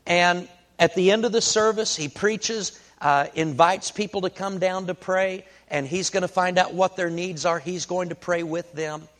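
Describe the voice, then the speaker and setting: A man preaching a sermon, telling a folksy story in an unhurried way with many fillers. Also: high voice, steady tone, fairly bright tone.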